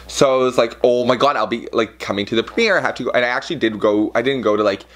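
A man in his twenties excitedly telling a rambling story to camera, full of slang and playful swearing. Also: medium pitch, fast talker. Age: 20s. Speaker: vlogger.

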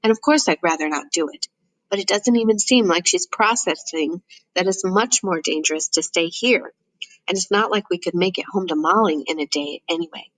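A woman reading a first-person novel aloud as an audiobook narrator, in a steady, measured way. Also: on the low side, no echo, low-quality recording.

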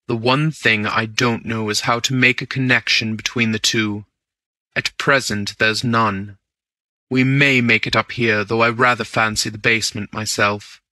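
A man voicing a cool, confident gentleman burglar who speaks low and measured, as in an audiobook. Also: fairly even intonation, no room sound. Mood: conspiratorial. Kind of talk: audiobook character reading.

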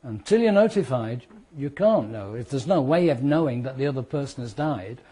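Husky man lecturing on law. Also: medium pitch, normal speed. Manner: lively, asks the class rhetorical questions and acts out scenarios.

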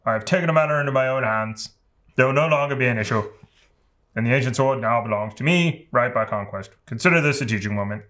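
A man's voice: medium pitch, fast, fairly bright tone, natural voice. A man voicing a pompous male duke who dictates a scolding letter in a haughty, clipped way.

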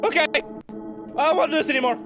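A man's voice: extremely high pitch, a little fast. A man commenting on a horror game he is playing, rambling jittery self-talk. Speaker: let's play gamer. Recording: game music behind.

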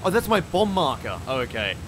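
Excitable Australian man narrating gameplay. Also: on the high side, a little fast, background noise. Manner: excitable, swearing, laughing at chaos. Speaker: gaming YouTuber. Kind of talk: live gameplay commentary.

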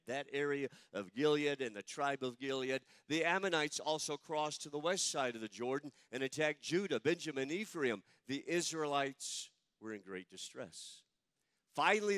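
A male pastor in mid-sermon, pressing his points with emphatic phrasing and quick stammered restarts. His voice is smooth and resonant at a middle pitch. The sound is dry and close, with no room echo. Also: fairly bright tone.

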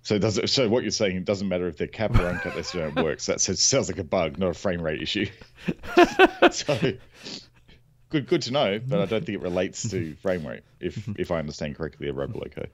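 A man's voice: low-pitched, fairly quick, a little hiss or hum. A man co-hosting a podcast in casual chat, mostly agreeing with short replies and adding brief comments. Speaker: podcast co-host.

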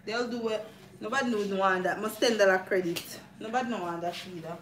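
A woman's voice: mid-range voice, fast talker, a little hiss or hum. A young woman with a Jamaican accent, chatting in a sassy, outspoken way on a family livestream. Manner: sassy, outspoken, argues back. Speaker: vlog co-host. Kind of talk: casual livestream chat.

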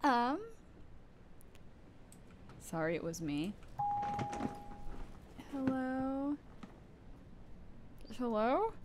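A woman's voice: medium pitch, big pitch swings, measured pace, noisy background. A woman streaming a game live, rambling and poking fun at herself while chatting to her viewers, with sudden startled outbursts. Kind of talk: casual live gameplay commentary.

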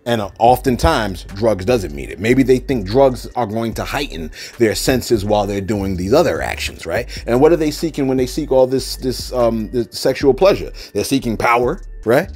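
A man's voice: mid-range voice, expressive, moderate pace, hardly any pauses, a little mellow, husky. A man giving casual celebrity news commentary, rambling with frequent restarts and asides to his viewers.

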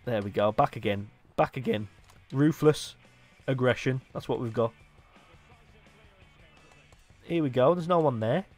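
Excitable man commentating gameplay. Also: medium pitch, normal speed, faint music behind. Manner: excitable, swings between muttering and loud outbursts. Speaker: gaming YouTuber.

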